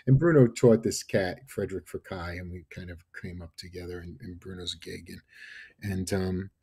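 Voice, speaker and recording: A man in his fifties from New York, a podcast guest telling animated stories and often adding "right?" and "you know". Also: sits low, moderate pace, breathy edge. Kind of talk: casual storytelling interview.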